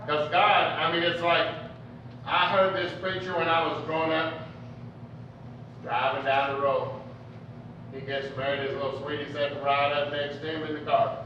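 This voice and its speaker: A man's voice: on the high side, level tone, normal speed, long pauses, pushed and bright, slight background noise. A man preacher giving a folksy, joking sermon in a conversational storytelling manner. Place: church hall. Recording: echoey, distant, dull church recording.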